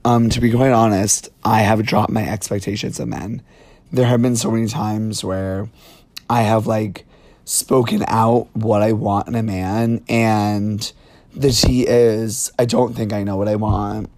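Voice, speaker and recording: A man's voice: lowish voice, level tone, a little slow, a little mellow, no echo. A man in his twenties talking casually as a podcast guest, chatty and frank, filling his talk with "like". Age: 20s. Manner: chatty, campy and frank, lots of "like".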